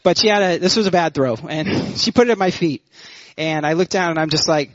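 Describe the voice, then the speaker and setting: Worship pastor, man, 30s, high-ish voice, playful sermon delivery, muffled hall reverb. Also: brisk. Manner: animated, joking, audience banter. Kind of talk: humorous sermon storytelling. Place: church sanctuary.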